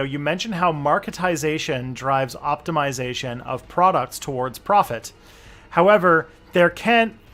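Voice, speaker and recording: A Canadian man co-hosts a casual political chat, rambling and restarting as he thinks out loud. His voice is fairly high-pitched and a bit bright.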